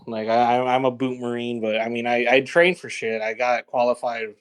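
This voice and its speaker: A young man co-hosting a podcast over voice chat, telling stories in a halting, stammering way. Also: medium pitch, steady tone, smooth. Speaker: podcast co-host. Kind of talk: crude casual banter. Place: online voice chat.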